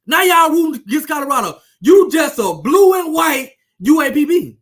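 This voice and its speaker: A man's voice: very high voice, sing-song, normal speed, a bit bright. A man delivering a heated, profane sports rant to his viewers, taunting and repeating himself for emphasis. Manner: fiery, repetitive, profane, taunting. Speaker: sports commentator with his own channel.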